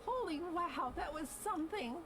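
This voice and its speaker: A woman in a casual stream clip, gushing and excitable. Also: very high-pitched, normal speed. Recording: clip with loud background music.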